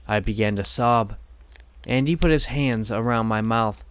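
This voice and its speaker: A man reading horror stories aloud in measured, steady scripted narration. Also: mid-range voice, smooth.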